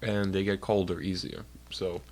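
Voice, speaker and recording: A man's voice: low-pitched, little pitch movement, normal speed, darkish tone. A young man streaming from home, chatting casually into a desk mic, rambling and swearing, with a slightly stuffed, nasal nose. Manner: rambling, profane, jokey, talks to chat. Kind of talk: casual chat on a livestream.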